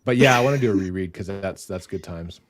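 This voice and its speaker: A man from Canada hosting a livestream in relaxed, casual chat. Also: low voice, fast, crowd noise. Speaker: livestream host.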